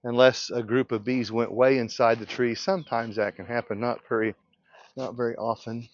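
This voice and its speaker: A male beekeeper teaching casually while working in his apiary, thinking aloud in an unhurried way and often clearing his throat. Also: mid-range voice, fairly even intonation, muffled recording. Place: outdoor apiary.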